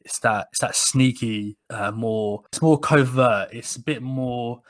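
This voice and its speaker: A man, co-hosting a podcast and telling stories in casual chat, with frequent restarts and animated retelling. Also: medium pitch, measured pace. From England. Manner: rambling, many restarts, animated when quoting people. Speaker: podcast co-host. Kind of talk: casual conversational storytelling.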